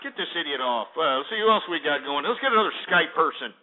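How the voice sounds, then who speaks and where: A man hosting a call-in radio show, ranting loudly and hurling insults at callers. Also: mid-range voice, fast talker, hardly any pauses. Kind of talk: abrasive call-in radio talk. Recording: lo-fi phone-quality internet radio.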